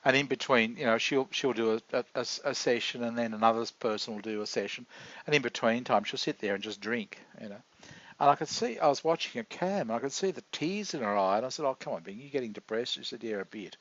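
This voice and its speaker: A man rambling in a halting, confessional video diary, full of restarts. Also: mid-range voice, fairly bright tone. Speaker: vlogger. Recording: dull lo-fi dry recording.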